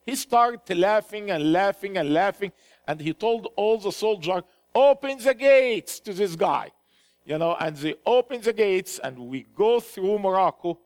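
A man's voice: high voice, lively intonation, normal speed. A man from Egypt with an Egyptian accent, giving a storytelling church testimony with frequent "you know" fillers. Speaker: ministry speaker.

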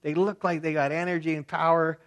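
Casual New pastor preaching. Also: male voice, fairly high pitch, level tone, brisk, smooth. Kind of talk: sermon.

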